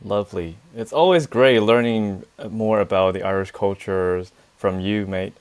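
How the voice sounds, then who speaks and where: A male host with a lowish, smooth, resonant voice. He keeps to brief, friendly remarks as he closes out a casual live chat. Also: moderate pace. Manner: brief agreeing interjections, friendly wrap-up.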